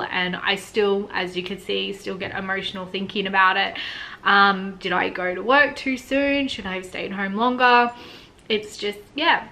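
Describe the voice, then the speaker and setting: A woman's voice: medium pitch, bright, forceful tone, a little hiss or hum. An Australian woman in her thirties, chatting casually to camera in a vlog and growing tearful and emotional as she talks. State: close to tears. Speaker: vlogger. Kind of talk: casual sit-down vlog chat.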